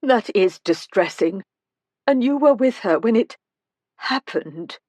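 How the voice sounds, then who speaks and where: A woman voicing a polite, shrewd older lady who probes gently. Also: fairly high pitch, lively intonation, unhurried, no echo, pitched above the performer's own voice. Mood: probing. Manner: polite, probing.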